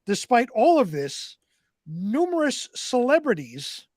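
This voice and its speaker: A man's voice: very high-pitched, huge pitch swings, slow, darkish tone, no room sound, clean studio sound. A man co-hosting talk radio, reading weird news stories aloud and stumbling over hard science words.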